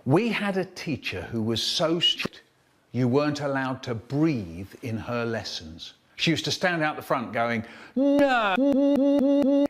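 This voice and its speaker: Animated playful man telling comic stories. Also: mid-range voice, unhurried. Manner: animated, playful, with sound effects and character voices. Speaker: storyteller. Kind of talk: comic storytelling performance.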